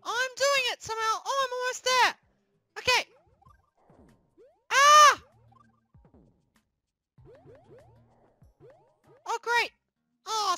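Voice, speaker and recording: A squeaky, whiny Link. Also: dry recording, heavily acted. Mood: grumbling. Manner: whiny, yelps and shouts in panic. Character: squeaky young male plush hero, whiny and easily panicked. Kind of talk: comedic plush puppet gaming skit.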